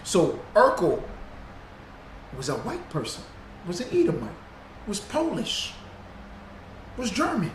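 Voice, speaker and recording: A man's voice: sits high, wildly swooping pitch, slow, long pauses. A man hosting a livestream, greeting viewers by name and teaching in a loose, repetitive, casual way that drives his points home. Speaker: livestream host reading viewer comments. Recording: roomy echo with faint background noise.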